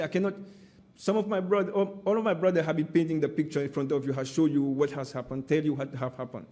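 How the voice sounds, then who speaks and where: A man with a mellow, fairly high voice gives emphatic, impassioned testimony at an inquiry. He's repetitive and keeps addressing the panel as "my friend."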